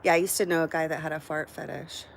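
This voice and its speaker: A woman's voice: low voice, steady tone, fast, creaky, a little hiss or hum. A middle-aged woman hosting a live stream from home, chatting casually and candidly with her viewers and swearing freely. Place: at home, indoors.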